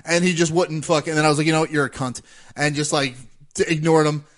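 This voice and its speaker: A man's voice: fairly high pitch, flat delivery, fast. A man in his forties telling a profane story in casual podcast chat, acting out both sides of an argument. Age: 40s.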